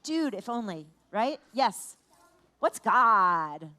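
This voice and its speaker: A woman leading a lively family service, animated and playful, asking children questions and exclaiming at their answers. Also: mid-range voice, drawn-out words. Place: large room in a temple.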